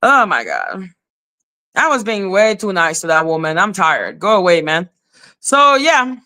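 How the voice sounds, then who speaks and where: A woman's voice: mid-range voice, big pitch swings, unhurried, bright, forceful tone. A woman hosting a live stream, talking to her chat in a confrontational, scolding way. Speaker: livestream host.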